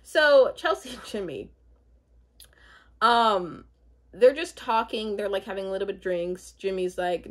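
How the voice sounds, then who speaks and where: A woman's voice: medium pitch, unhurried, pauses often. A young woman in casual chat, rambling with many fillers and asides as she recaps a reality show.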